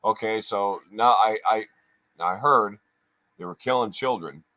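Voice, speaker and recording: A man's voice: on the low side, unhurried, pushed and bright. A man co-hosting a podcast in casual chat, rambling with lots of swearing and restarts. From New York State. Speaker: podcast co-host.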